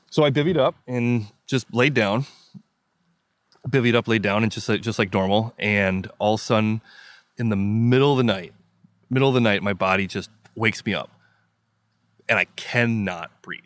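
A Midwestern man appearing as a podcast guest talks fairly quickly in a lowish, fairly bright voice with no room sound. He retells a story vividly and emphatically, performing his own thoughts aloud.

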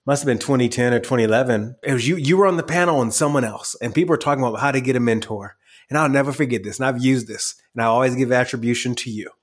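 A man hosting an interview podcast, animated and laughing often as he acts out quotes. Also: medium pitch, fast. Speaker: podcast host. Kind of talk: conversational interview.

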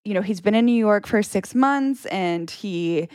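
A woman's voice: mid-range voice, a little slow, no echo, clean studio sound. A woman co-hosting a podcast, telling stories in casual chat and laughing often. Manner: animated storytelling, laughs often. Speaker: podcast co-host. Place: New York.

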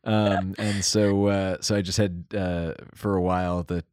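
Very deep-voiced man, dry humor. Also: flat delivery, unhurried, a little mellow, no room sound. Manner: dry humor, hesitant with many ums. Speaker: podcast guest. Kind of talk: casual group chat.

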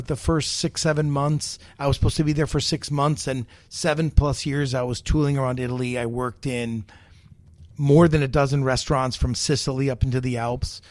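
Brief: middle-aged male chef, lively raconteur, close dry podcast mic. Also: medium pitch, moderate pace, no echo. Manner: animated storyteller, many fillers, quotes others. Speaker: guest chef. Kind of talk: storytelling interview chat.

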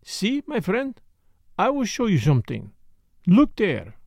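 A man voicing a fussy, excitable older male detective who speaks precisely and emphatically, at times muttering to himself. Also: high-pitched, measured pace, gravelly, no echo, clean studio sound, pitched above the performer's own voice, full character voice. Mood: probing. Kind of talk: audiobook character voice.

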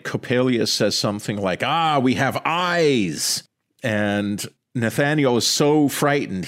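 A man in a casual discussion of a story, animated and conversational, swearing now and then. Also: lowish voice.

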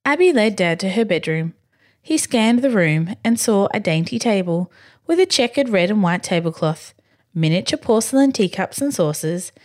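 A woman reading a bedtime story slowly and expressively. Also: mid-range voice. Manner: slow, expressive, gently animated. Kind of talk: scripted bedtime story narration.

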